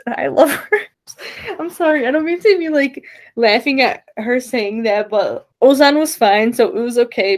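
Giggly young woman recapping a show. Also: fairly high pitch. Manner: giggly, animated storytelling with acted quotes. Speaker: podcast co-host. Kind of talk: casual recap chat.

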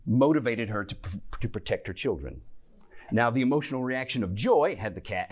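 A man's voice: mid-range voice, darkish tone. A man teaching a Bible class, explaining earnestly and stopping to restart his sentences. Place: church classroom.

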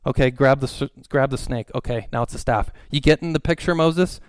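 A man's voice: mid-range voice, brisk, dry recording, studio quality, lightly acted. A man voicing God as a patient, insistent figure who coaxes a doubter. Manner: coaxing, insistent. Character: patient, commanding male deity, gently exasperated.

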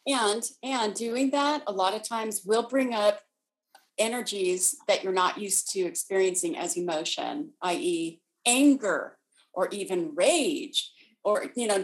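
A woman co-hosting a casual spiritual chat, telling stories and explaining ideas in a steady conversational way. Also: mid-range voice, rough recording. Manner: storytelling, acts out voices in anecdotes. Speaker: co-host.

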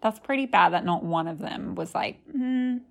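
A woman's voice: lowish voice, expressive, moderate pace, vocal fry, fairly bright tone. A woman co-hosting a podcast, chatting casually and gossiping about reality TV with many restarts. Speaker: podcast co-host. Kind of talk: casual chat.

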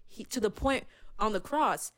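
A woman in casual conversation about faith, fervent and emotional, often dropping to a soft voice to speak God's words. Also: medium pitch, normal speed.

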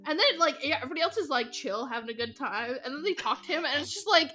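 Young woman co-host, high and bright, lively pitch, giggly and filler-heavy. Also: fast, faint music behind. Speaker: podcast co-host. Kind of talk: casual chat.

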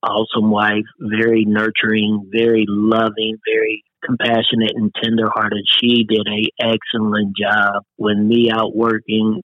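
A man's voice: lowish voice, no room sound, highs cut off. A middle-aged man as an interview guest, talking earnestly in a casual way and often saying "man". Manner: earnest, peppers speech with "man".

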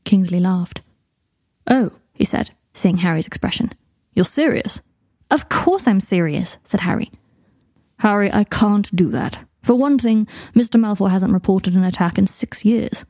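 A woman's voice: mid-range voice, normal speed, darkish tone, no echo. A woman reading a story aloud, narrating and lightly voicing letters and dialogue. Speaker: fanfiction reader. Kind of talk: scripted narration.

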